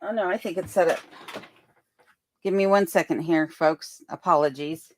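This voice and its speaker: A woman's voice: fairly low pitch, moderate pace, no echo. A woman hosting a casual livestream, reading viewer comments aloud and thanking people in a chatty way, from her home. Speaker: livestream host. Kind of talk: casual live chat. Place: remote home in Alaska. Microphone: desk microphone on a boom arm.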